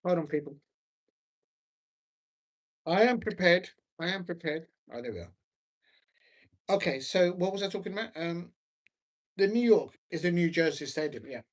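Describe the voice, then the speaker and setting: A football watch-along host with a slightly high, expressive, a little mellow voice talks fairly quickly, pausing often. On his own channel he rambles loosely and hesitantly, full of ums and restarts, sounding a bit scattered as he hunts through his notes between thoughts.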